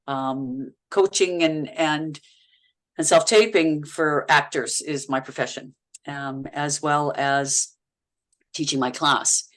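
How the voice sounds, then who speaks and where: A middle-aged woman from Canada, an actress and podcast guest, telling on-set stories in a lively, laughing way, often repeating words as she goes. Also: low voice, takes it slowly, low-quality recording. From Canada, Manitoba. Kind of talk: casual interview chat.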